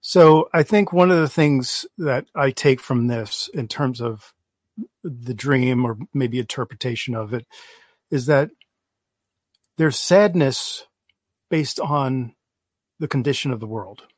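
A man hosting a faith show, giving measured, sermon-like commentary to his viewers. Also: mid-range voice, dry recording. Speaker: host.

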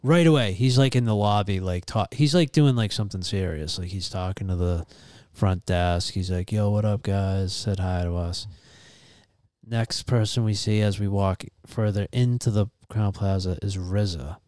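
Guy, kinda low voice, dry close mic, animated swearing storyteller. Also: normal speed, no room sound. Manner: animated, profane, acts out voices in anecdotes. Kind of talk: casual storytelling chat.

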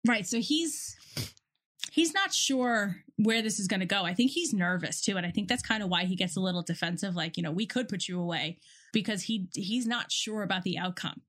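A woman's voice: medium pitch, brisk. Chatty woman recapping a TV episode. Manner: chatty, animated retelling with many restarts. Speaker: podcast co-host. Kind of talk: casual TV recap chat.

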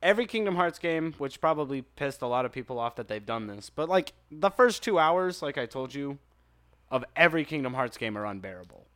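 A man in casual chat about video games, animated and swearing freely. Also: mid-range voice, fairly quick. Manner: animated, frequent swearing and laughing.

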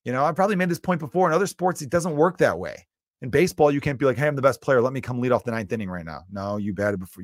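A man's voice: on the high side, fairly quick, dry recording. Ranting man from Chicago, dry sound. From Chicago, USA. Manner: emphatic, opinionated ranting. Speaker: comedian podcast host. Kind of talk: solo podcast rant.

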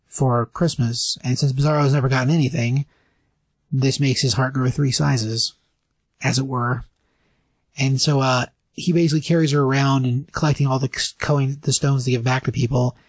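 A man co-hosting a casual podcast, recapping a comic story in a rambling way and briefly acting out lines in higher voices. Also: steady tone, normal speed, husky, no echo. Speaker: podcast co-host reviewing comics.

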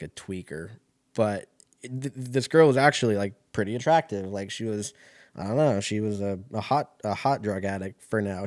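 A man's voice: on the low side, dry recording, clean studio sound. A young man telling a rambling, profane story in a casual way, often laughing.

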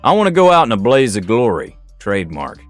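A man doing a gloomy low-voiced outlaw. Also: huge pitch swings, brisk, no room sound, soft background music. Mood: resolute. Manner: low, somber, subdued. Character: gloomy male outlaw, resigned and stubborn.

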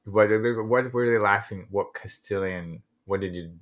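A man's voice: fairly low pitch, unhurried. A man co-hosting a podcast in casual chat, playful and teasing. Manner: playful and teasing, jumps into silly voices. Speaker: podcast co-host.

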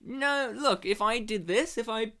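A man's voice: very high-pitched, unhurried, pushed and bright. A young man hosting a casual movie chat, rambling and laughing often. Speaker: podcast host.

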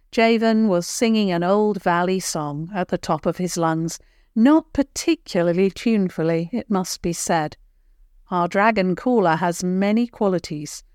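An older woman, the regular storyteller of the show, reading a children's bedtime tale in a gentle, measured way. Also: fairly low pitch, clean tone, dry recording, clean studio sound. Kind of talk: scripted children's story narration.

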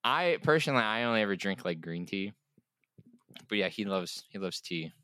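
A man's voice: on the low side, animated, normal speed, bright, forceful tone, no echo. A young man chatting on a podcast, rambling with hesitant asides. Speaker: podcast player. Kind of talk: casual chat.

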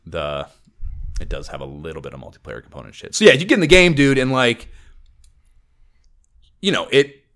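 A man rambles through a casual podcast chat about games. His pitch rises and falls a lot. He swears constantly and packs his talk with fillers. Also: expressive, moderate pace, long pauses, a bit bright. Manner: rambling, profane, filler-heavy. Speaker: podcast co-host.

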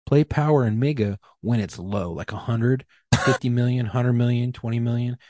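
A man's voice: mid-range voice, moderate pace, mellow, no room sound, studio quality. A man co-hosting a casual podcast, joking, profane and laughing a lot. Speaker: podcast co-host. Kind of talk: casual chat.

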